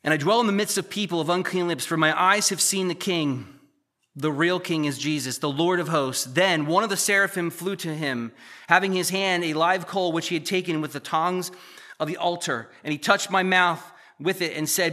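A man preaching a sermon, reading scripture aloud and breaking off into animated asides to the congregation. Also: a little high, moderate pace. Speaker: pastor.

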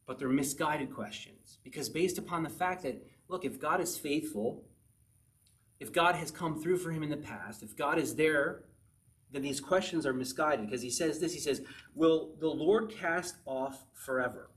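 A man's voice: fairly high pitch, moderate pace, a bit bright. A man preaching a sermon in a conversational way, often asking the listeners questions.

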